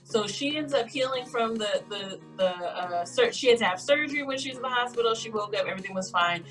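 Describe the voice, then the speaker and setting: A woman's voice: fairly high pitch, expressive, fairly quick, fairly bright tone, rough recording. Chatty woman co-host, faint music behind. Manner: rambling, acts out quoted lines in brief voices. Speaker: podcast co-host. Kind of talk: casual chat retelling a story.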